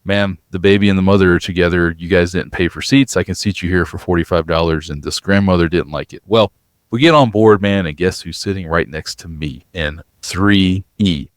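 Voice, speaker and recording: A man co-hosting a podcast, telling a long travel story in an animated way and sounding worn out. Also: sits low, brisk, no echo, clean studio sound. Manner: animated storyteller, acts out quoted voices. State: exhausted after a long travel day. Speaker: podcast co-host.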